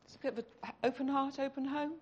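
A woman's voice: high-pitched, fairly even intonation, quick pace, a little mellow, muffled recording. A woman giving an earnest, conversational sermon in church. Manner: earnest, conversational, tearful at the close. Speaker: church speaker.

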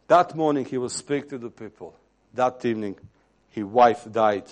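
A man's voice: medium pitch, moderate pace. Impassioned preacher man. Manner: impassioned, swells louder on key phrases then drops to near-whisper. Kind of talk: sermon.

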